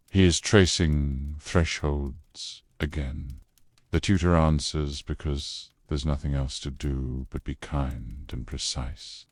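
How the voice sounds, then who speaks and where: A man calmly narrating a scripted bedtime history story in a low, unhurried way. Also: dry recording, clean studio sound. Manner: low, calm, unhurried delivery.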